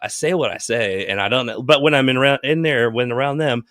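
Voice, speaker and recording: A man's voice: medium pitch, fast, a bit bright, dry recording, clean studio sound. A man talking in a loose, rambling and profane way in a casual chat, hosting a live stream. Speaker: host.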